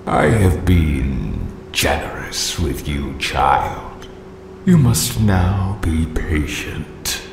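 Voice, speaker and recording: An ancient, judging flame spirit from a game, drawn out and very slow. His extremely deep voice rolls with gravel and swings widely in pitch. It sounds echoey, with loud noise behind it. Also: big pitch swings, heavily acted. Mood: solemn. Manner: solemn, archaic, slow and grave. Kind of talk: game voice acting.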